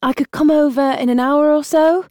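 A woman reading an audiobook, voicing a harried young woman with a British accent who juggles phone calls while driving and talks in a brisk, exasperated way. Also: sits high, steady tone, dark tone, no room sound, clean studio sound, voice pushed up, lightly acted. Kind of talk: audiobook character voice.

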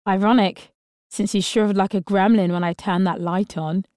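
A quick-witted young woman with a dry, teasing edge, as a woman reads her lines. Mid-pitched and recorded up close in a dead, dry space. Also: steady tone, a little mellow, no room sound, close to an everyday voice. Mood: wry.

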